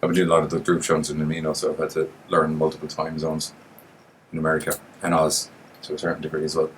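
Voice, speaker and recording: A man's voice: rumbling low, monotone, quick pace, slight background noise. A man co-hosting a horror podcast in casual chat, joking and swearing as he rambles. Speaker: podcast co-host.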